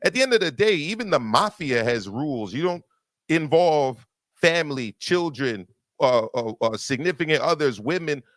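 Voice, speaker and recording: A man's voice: a little high, animated, moderate pace, fairly bright tone, no room sound, clean studio sound. A man on a boxing debate panel making his case emphatically. He repeats himself as he presses each point.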